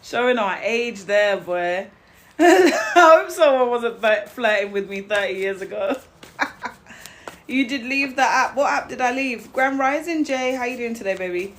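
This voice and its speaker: A woman's voice: a little high, animated, unhurried, fairly bright tone. A young woman hosting a casual live stream as a tarot reader, greeting viewers by name, laughing often and talking bluntly.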